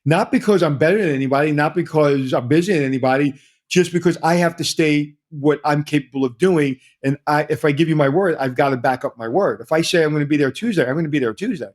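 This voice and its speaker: A man's voice: fairly high pitch, fast. A middle-aged man, a hotel consultant telling stories energetically in an interview, repeating himself as he talks. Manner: energetic storyteller, repeats himself, quotes others. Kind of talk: conversational interview.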